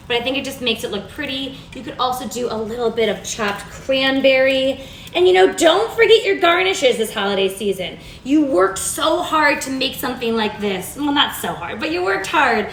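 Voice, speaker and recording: A woman hosting a live cooking demonstration in a kitchen, chatty, bubbly and easily excited. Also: high-pitched, reverberant, slight background noise. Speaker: cooking show host.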